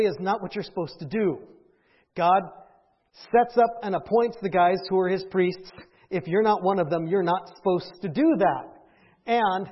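Husky high-voiced male preacher. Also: muffled recording. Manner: conversational, asks the audience questions, often adds "right?". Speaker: pastor. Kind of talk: sermon.

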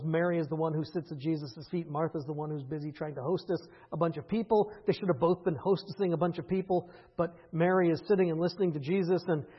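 A man preaching a conversational sermon, rising into impassioned stretches and then falling quiet again. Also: a little high, breathy edge, muffled recording. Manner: conversational preaching, builds to impassioned peaks with laughs. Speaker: pastor.

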